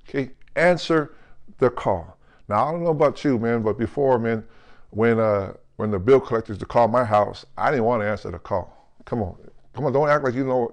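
A male pastor in the middle of a sermon, speaking at an ordinary mid-range pitch. He keeps checking in with the congregation through quick asides and throws in jokes. When he quotes scripture he slows right down and leans on each key word. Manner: calls out to the congregation with questions like "right?" and "come on"; lively, jokey preaching.

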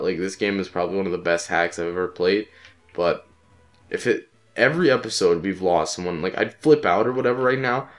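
A man with a sick voice giving casual let's-play commentary, frustrated and swearing, repeating phrases in quick bursts. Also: sits low. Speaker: gaming channel host.

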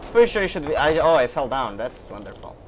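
A young man making gaming videos gives casual gameplay commentary, frustrated, sarcastic, and swearing often. His medium-pitched voice is fast and sing-song, with game music and gunfire in the background.

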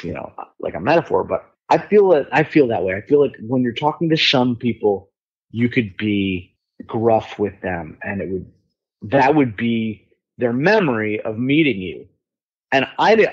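A middle-aged musician, appearing as a podcast guest, tells stories in a candid, rambling, casual way, swearing freely and leaning on lots of fillers. His voice sits on the low side and sounds husky, and the audio is lo-fi.

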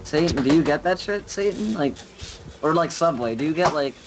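A man's voice: fairly high pitch, lively intonation, normal speed, low-quality recording. A young man hosting a game stream in casual chat, rambling and profane, full of fillers. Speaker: streamer host.

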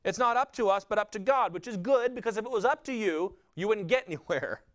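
A male pastor with a Southern US accent delivering a sermon, rising loud for emphasis and dropping low for quoted lines. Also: lively intonation, fairly quick.

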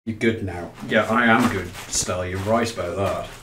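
A man with a low voice, commentating a live game while out of breath from playing on a dance pad, chatty and self-mocking, reading chat aloud. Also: normal speed, roomy sound, noisy background. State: out of breath, legs tired.

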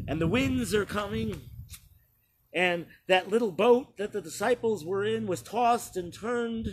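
A male pastor preaching a sermon, retelling a scripture story slowly with frequent pauses. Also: fairly high pitch, a little hiss or hum.

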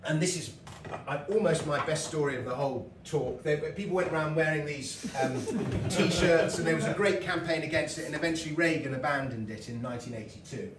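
Amid crowd noise, a middle-aged British lecturer and comedian tells chatty stories with asides and laughs during a comic lecture before a live audience in a lecture hall. He speaks at a fairly high pitch, a little fast and with hardly any pauses, heard through a roomy hall mic from a distance.

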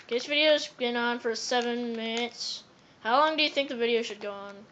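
Excitable bright-voiced female gamer, lo-fi. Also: on the high side, fairly quick, a little hiss or hum. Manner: excitable, repeats words, sudden squeals. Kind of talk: casual let's-play chatter. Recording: dull lo-fi phone recording.

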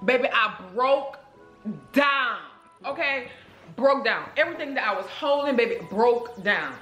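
A woman vlogger telling a story to her viewers in a casual, animated, emotional way, calling them girl and y'all. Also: a little high, moderate pace. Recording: roomy echo with faint music.

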